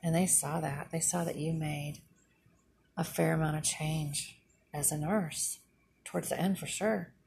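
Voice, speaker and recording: A woman's voice: low voice, fairly even intonation, a little slow, gravelly, a little mellow, slight background noise. A middle-aged woman, a former nurse, venting indignantly in a casual monologue and retelling conversations. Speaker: retired nurse vlogger.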